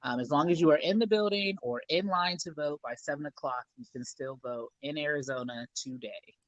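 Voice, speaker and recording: A tired man speaking as a guest on a casual live stream, clearly explaining poll hours and his volunteering. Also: a little high, brisk, no echo, highs cut off. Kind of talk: casual interview.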